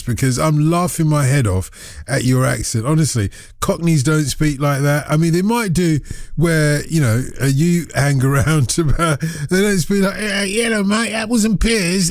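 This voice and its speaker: A man's voice: fairly high pitch, darkish tone, no room sound, studio quality. A man hosting a radio phone-in show, bantering and teasing his callers with a laugh. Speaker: radio host. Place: radio studio.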